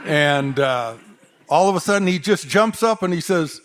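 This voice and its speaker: A man's voice: on the high side, animated, moderate pace, a bit bright. An older man from Arizona, telling cowboy stories onstage in a folksy, dry-humored drawl. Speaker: cowboy storyteller. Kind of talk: onstage storytelling. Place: stage before a live audience.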